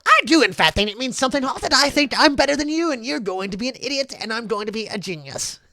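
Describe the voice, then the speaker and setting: A man voicing a gleeful, loudmouthed male lawyer who shrieks and gloats. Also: very high-pitched, lively intonation, quick pace, gravelly, no room sound, clean studio sound, voice pushed up, exaggerated voice. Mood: smug gloating.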